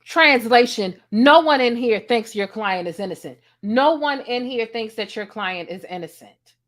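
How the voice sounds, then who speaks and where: A woman's voice: a little high, lively intonation, unhurried, fairly bright tone. A woman giving casual commentary as a vlogger, blunt, sassy and profane as she sums up a court day from home.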